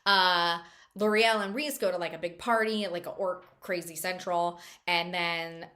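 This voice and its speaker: A woman's voice: on the low side, fairly even intonation, normal speed, pushed and bright. A woman chatting casually as a book reviewer, bubbly and chatty with lots of fillers.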